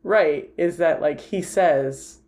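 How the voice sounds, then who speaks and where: A woman's voice: low voice, takes it slowly, darkish tone. A woman co-hosting a podcast, chatting casually about a film and retelling its scenes with lots of "like" fillers. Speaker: podcast co-host.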